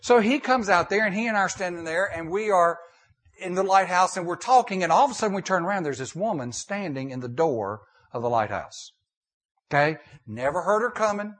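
A man's voice: sits high, expressive, brisk, a bit bright. An older man, a pastor, preaching a sermon in a folksy storytelling way, often repeating and restarting his phrases.

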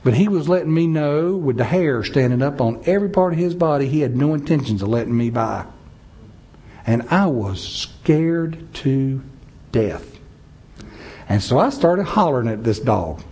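A man's voice: medium pitch, lively intonation, moderate pace, dark tone, slightly rough. A man preaching a sermon, telling a story with dramatic swings of pace and emphasis. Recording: dull lo-fi sound.

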